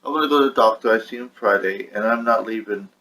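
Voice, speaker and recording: Frustrated man venting, low voice. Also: fast, bright, forceful tone, poor audio. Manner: frustrated, rambling storytelling. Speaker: vlogger. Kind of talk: casual venting to camera. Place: at home with his dog on his lap.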